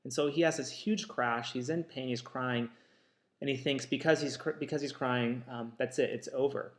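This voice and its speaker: A man, an author and counselor, telling a personal story in a casual, reflective way, with many pauses and restarts. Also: medium pitch, fairly even intonation, reverberant. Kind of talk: casual talk to camera.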